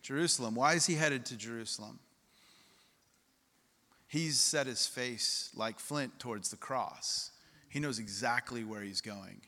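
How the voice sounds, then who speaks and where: A man preaches a sermon in a casual, conversational manner, often turning questions over to the congregation. His voice is bright and forceful, with a mid pitch. The sound carries the long reverb of a church hall. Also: measured pace. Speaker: pastor.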